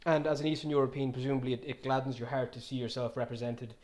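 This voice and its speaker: A man's voice: mid-range voice, flat delivery, fast, darkish tone. A man in his twenties hosting a casual podcast chat, full of teasing banter. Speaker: podcast host.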